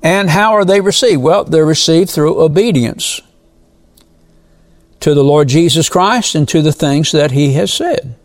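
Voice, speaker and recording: A man's voice: fairly high pitch, a little slow. A man preaching a sermon, quoting scripture and stressing key phrases with repeated amens.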